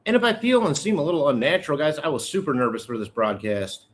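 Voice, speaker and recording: A man's voice: on the high side, very animated, quick pace. A middle-aged man hosting a casual live chat with viewers, talking in a rambling, candid way with joking asides. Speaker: livestream host.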